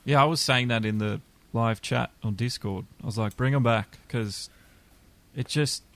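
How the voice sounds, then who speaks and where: A man's voice: medium pitch, moderate pace, fairly bright tone. A man hosting a casual podcast chat, plain-spoken and teasing. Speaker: podcast host.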